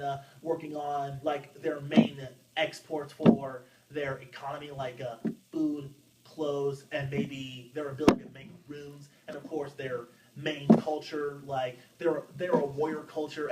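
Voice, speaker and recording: A young man co-hosting a casual podcast, rambling with lots of filler words and swearing freely. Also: on the high side. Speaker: podcast co-host. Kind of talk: casual chat. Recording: distant mic, loud background noise.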